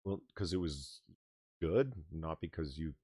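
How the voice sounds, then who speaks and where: Male host, sarcastic ranter, animated pitch, dry close sound. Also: unhurried, breathy edge, no room sound. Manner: ranting, sarcastic, swears freely. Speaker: podcast host. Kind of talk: casual livestream chat.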